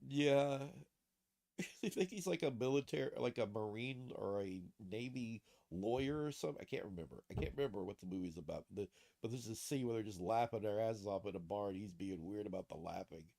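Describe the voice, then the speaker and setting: A man's voice: lowish voice, a little fast, gravelly, mellow. A man streaming late at night, reacting to posts in loose, profane commentary and laughing often at his own jokes. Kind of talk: casual livestream commentary.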